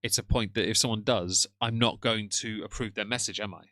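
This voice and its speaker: Here the streamer's voice sits lowish and steady, brisk, pushed and bright, over slight background noise. He greets chat and tosses casual, mocking, sardonic asides to viewers, headphones on, moderating from a phone.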